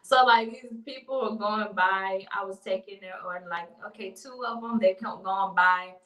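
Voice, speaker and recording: A woman's voice: medium pitch, fairly even intonation, moderate pace, fairly bright tone. A young woman guest telling a story in a casual chat, emotional and laughing along. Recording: echoey, far from mic.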